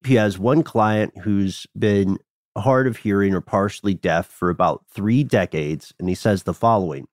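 A man's voice: fairly low pitch, moderate pace, no room sound, studio quality. A man co-hosting a casual podcast chat, telling stories with frequent laughs and asides. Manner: storytelling, laughs often, trails off into asides. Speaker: podcast co-host.

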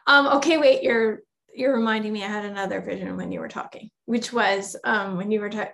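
A woman's voice: medium pitch, a little fast, creaky, a bit bright. A woman hosting a casual podcast conversation, enthusiastic and affirming, often laughing.

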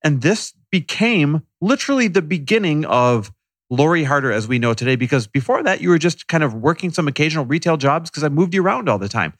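A man's voice: on the high side, expressive, brisk, no echo. A man co-hosting a podcast, recounting past events in a candid, self-deprecating way. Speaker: podcast co-host. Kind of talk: casual conversation.

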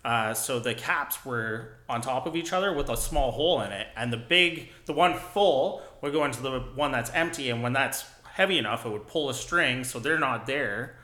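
A man's voice: mid-range voice, moderate pace, hardly any pauses. A middle-aged man hosting a casual podcast chat, telling war stories with sound effects. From Canada. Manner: animated storytelling with sound effects. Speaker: podcast host, veteran soldier.

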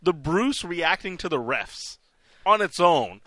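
A man's voice: fairly high pitch, very animated, slow, sharp tone, no echo. A male radio co-host joking and telling stories about a hockey game, laughing often. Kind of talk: casual sports radio chat.

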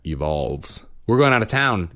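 Man, low voice, casual chat, rambling animated storyteller, co-host. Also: measured pace.

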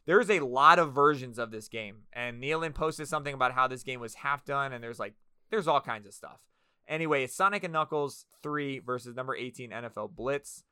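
A man hosting a casual podcast, energetic, crude and rambling. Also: mid-range voice, brisk, clear, resonant tone, no echo, clean studio sound. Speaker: podcast host.

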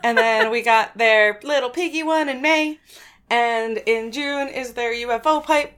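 A woman's voice: on the high side, measured pace, smooth. Giggly young woman co-hosting a podcast. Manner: giggly, digressive, relaxed. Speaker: podcast co-host. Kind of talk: casual chat, reading sponsor ads.

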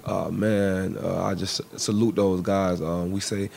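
A young man in his twenties, a football player answering radio interview questions in a halting way with many fillers. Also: low voice, level tone, gravelly, a little mellow, slight background noise. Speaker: football cornerback, guest.

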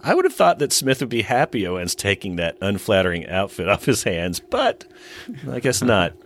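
A man's voice: on the low side, sing-song, moderate pace, a bit bright, a little hiss or hum. A man co-hosting a podcast, retelling an episode's plot with wry asides between the narration. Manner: storyteller pacing, wry asides. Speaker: podcast co-host recapping an episode. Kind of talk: casual recap narration and chat.

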